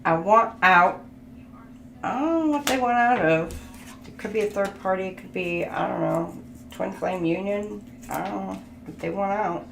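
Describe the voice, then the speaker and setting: A woman's voice: medium pitch, moderate pace, gravelly, fairly bright tone. A woman giving a casual tarot reading, chatty and thinking aloud, laughing as she goes. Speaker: tarot reader. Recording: echoey room with background noise.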